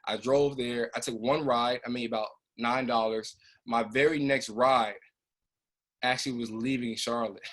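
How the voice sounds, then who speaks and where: A man who trains a business group, telling an emotional personal story in a casual, animated way over a video call. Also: medium pitch, unhurried.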